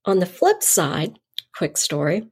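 A woman's voice: on the low side, wildly swooping pitch, slow, darkish tone, breathy edge. A middle-aged woman, a nonprofit founder, telling stories in an interview and animatedly acting out the dialogue in her anecdotes. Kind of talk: conversational storytelling.

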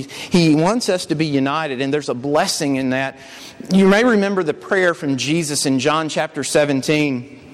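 A man's voice: fairly high pitch, long reverb tail. A male preacher giving an earnest sermon, telling stories and often repeating words. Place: church.

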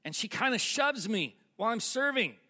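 A male pastor delivers a sermon with a high-pitched voice. His tone is bright and forward, and he talks in a loose, conversational way, turning to the congregation with questions and side comments as he tells a story. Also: sing-song, normal speed.

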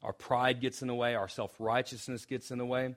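A man's voice: medium pitch, flat delivery, a little fast. A young man preaching a sermon as pastor, speaking conversationally with restarts and joking asides.

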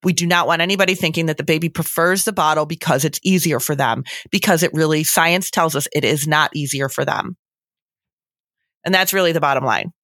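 A woman's voice: low-pitched, fairly quick, a bit bright, no echo, studio quality. A young adult woman giving earnest, chatty advice on feeding babies, often slipping into quoted asides. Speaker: breastfeeding expert guest. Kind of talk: casual advice chat.

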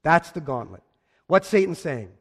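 A man's voice: fairly high pitch, lively intonation, normal speed, breathy edge. A male pastor preaching a sermon, impassioned and building to emphatic repeated phrases. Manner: impassioned, rising to emphatic repetition. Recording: long reverb of a large hall.

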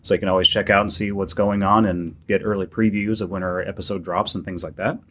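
A man co-hosting a podcast in casual chat. He speaks in an easygoing, agreeable way, with a slightly low voice. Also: steady tone, fast, sharp tone. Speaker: podcast co-host.

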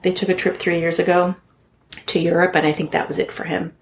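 A woman's voice: lowish voice, flat delivery, fairly quick, a little hiss or hum. A woman from Southern California, a podcast guest, telling a personal story in an earnest, candid and heartfelt way.

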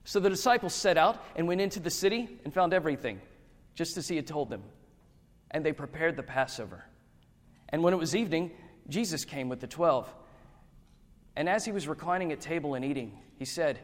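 A man gives a measured, dramatic scripture reading at a slow, deliberate pace. His voice sits fairly high for a man and carries a long reverb, as if spoken in a large hall. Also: lively intonation.

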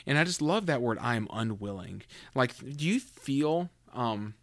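A man's voice: mid-range voice, expressive, measured pace, dry recording. A man hosting a casual Bible teaching podcast, talking loosely with fillers and restarts as he reads scripture aloud.

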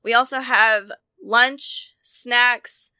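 A woman's voice: a little high, fairly even intonation, very slow, bright, forceful tone, clear, resonant tone, no room sound. A woman co-hosting a casual chat, talking about cookbooks with enthusiasm and frequent restarts. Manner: enthusiastic, chatty, self-correcting. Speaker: co-host reviewing cookbooks.

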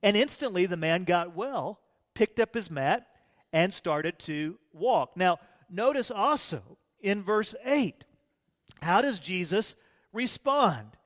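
A male pastor preaching a sermon in a church, animated, swinging between loud emphasis and quiet low lines. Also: takes it slowly. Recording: long hall reverb.

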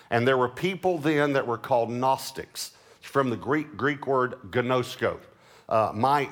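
A man preaches a sermon in an even, mid-pitched voice. He reads scripture aloud and then explains it. He drags out the words he wants to stress and lifts his voice on them. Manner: emphatic preaching, slowing and rising on key words. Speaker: pastor.

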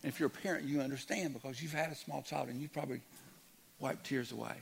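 A man in his fifties preaching a sermon as a pastor, earnest, dropping to a hush and then rising loud, often repeating his words. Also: mid-range voice, quick pace, gravelly, slight background noise.

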